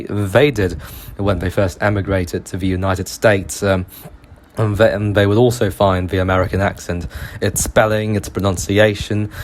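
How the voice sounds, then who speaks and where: A man with a British accent talks alone on his history podcast, earnest and explanatory. His voice sits fairly low, and he often stops, hesitates and restarts. Faint background noise sits under the recording. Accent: British English. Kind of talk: solo podcast monologue.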